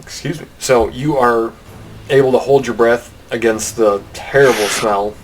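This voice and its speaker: A man running a tabletop game as game master, relaxed and laughing easily as he describes the action. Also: medium pitch, unhurried, rough recording.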